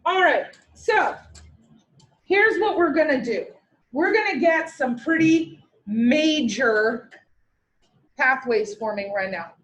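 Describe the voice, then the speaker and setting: High-voiced teacher quizzing her class. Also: slow pace, low-quality recording. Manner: lively, asks the class questions and answers them herself. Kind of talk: classroom lecture.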